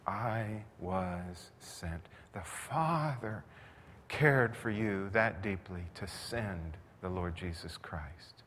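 A man's voice: low voice, slow pace, a bit bright. A man preaching a sermon in a conversational style that builds to intense emphasis. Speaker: pastor. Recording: long reverb, faint noise.

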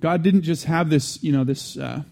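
A man's voice: a little high, moderate pace, vocal fry, darkish tone. A man giving an earnest teaching sermon, restating key phrases and adding conversational asides between restarts. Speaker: Christian teacher.

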